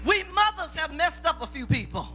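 A woman's voice: high-pitched, very animated, a little fast, bright, forceful tone, faint music behind. A woman preaching in a plain-spoken, folksy way about mothers and children. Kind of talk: sermon.

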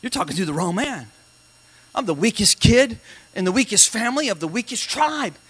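A scared, self-doubting young man protesting his own weakness, as a preacher acts him out. The voice is high and bright for a man, pleading and hushed. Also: big pitch swings, normal speed, slightly rough, exaggerated voice. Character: timid frightened young man hiding in fear.

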